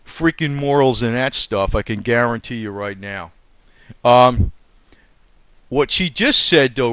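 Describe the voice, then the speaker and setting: A man's voice: medium pitch, fairly bright tone. A man talking straight to camera in a loose, unscripted rant. His delivery is blunt and coarse, full of fillers and restarts, and it heats up as he goes. The sound is close and dry, with no room echo. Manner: blunt, crude and heated, with frequent fillers. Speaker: political commentator. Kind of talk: casual off-the-cuff video rant.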